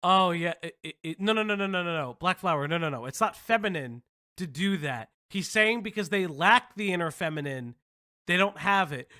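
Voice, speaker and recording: High, bright, animated commentary host. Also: male voice, normal speed. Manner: incredulous, mocking, bursts of laughter. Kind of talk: live reaction commentary.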